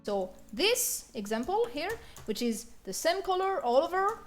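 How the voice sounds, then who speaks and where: A young French woman with a French accent, chatting casually on her art live stream, bubbly and quick to laugh. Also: big pitch swings. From France. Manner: bubbly, laughs often, slips into squeaky bursts.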